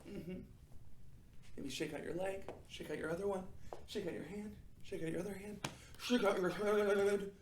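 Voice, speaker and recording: A young adult man teaching children a drama warm-up, upbeat and encouraging, checking in often. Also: high-pitched, fairly even intonation, normal speed, reverberant, noisy background. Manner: upbeat, encouraging, frequent "okay?" check-ins. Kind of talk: guided acting warm-up for children.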